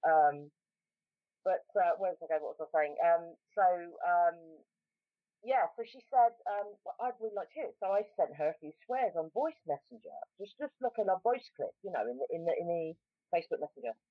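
A woman's voice: on the low side, animated, moderate pace, no room sound. A woman with a South London accent telling a story in a casual chat, rambling with lots of ums and restarts. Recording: tinny phone-like line, dry.

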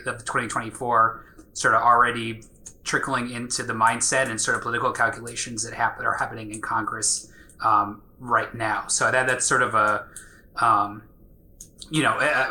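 Man, podcast guest, flat delivery, very bright, sharp tone. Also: mid-range voice. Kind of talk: casual podcast discussion.

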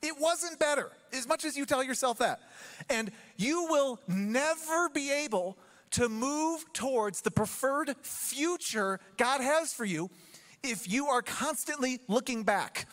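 A man preaching a sermon in church, telling the story with humor and acting out quick asides. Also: extremely high pitch, animated, fairly bright tone. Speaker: pastor.

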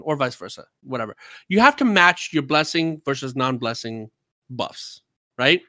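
A man with a bright, ringing voice pitched a little high, talking fast and without pause as he vents about a game. He is a gamer chatting on a podcast, recorded close and dry with no room sound. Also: no room sound. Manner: talkative, worked-up storytelling. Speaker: streamer and gamer. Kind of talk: casual podcast chat.

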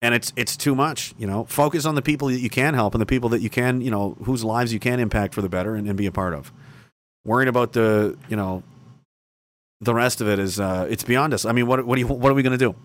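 A man livestreams at a quick clip in a medium-pitched voice, ranting angrily. His talk is thick with profanity and mocking sarcasm, and now and then he breaks into scornful shouting.

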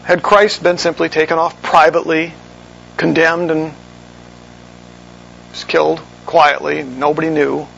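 A man preaching an expository sermon. He walks his listeners through scripture verse by verse in a measured teaching manner and sometimes corrects himself mid-sentence. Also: on the high side, gravelly, fairly bright tone, lo-fi sound, a little hiss or hum. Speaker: pastor.

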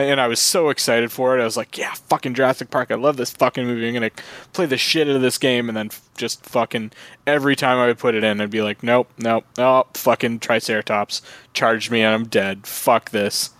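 A man's voice: medium pitch, quick pace, a bit bright, no room sound. A man in casual chat among friends, laid-back and swearing freely.

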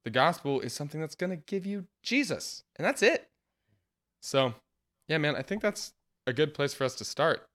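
Male podcast host, earnest and lively in casual discussion, laughs often. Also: fairly high pitch, moderate pace. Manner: earnest, laughs often, animated when quoting.

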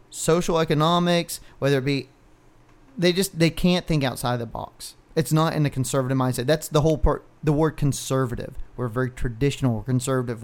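A man co-hosts a casual podcast, ranting at length and swearing constantly. His voice sits at an ordinary middle pitch. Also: a little mellow. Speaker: podcast co-host. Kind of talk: casual profane chat.

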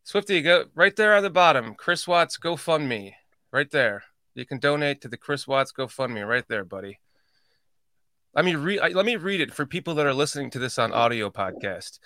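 Laid-back swearing podcast host, dry sound. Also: male voice, fairly high pitch, expressive, normal speed, bright, forceful tone, dry recording. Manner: rambling, swears, laughs at own slips. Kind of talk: casual livestream chat.

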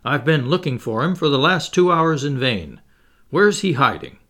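A man's voice: on the high side, very animated, normal speed, a bit bright. A man reading as a grave, proud captain.

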